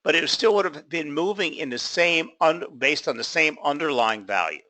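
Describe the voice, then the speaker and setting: A man's voice: a little high, lively intonation, moderate pace, pushed and bright. A man teaching a trading class, telling a story and acting out both sides of a conversation with casual fillers. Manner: acts out both sides of a dialogue, casual fillers like "you know". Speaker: trading instructor. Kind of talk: class lecture told as an anecdote.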